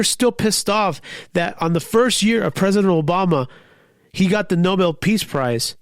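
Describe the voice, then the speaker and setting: A podcast host rants angrily about politics on his own talk show, swearing a lot and restarting often in a heated, rambling way. His voice sits high, he speaks at normal speed, and there's no echo.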